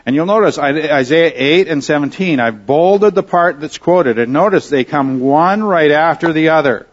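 A man's voice: fairly high pitch, moderate pace, muffled recording. A man teaching a Bible class, explaining passages verse by verse and often checking in with his listeners. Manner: explanatory, checks in with "all right?".

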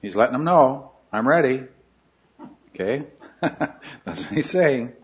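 A man's voice: mid-range voice, sing-song, measured pace. A man leading a Bible study class, asking questions and repeating the students' answers. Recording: slightly dull recording.

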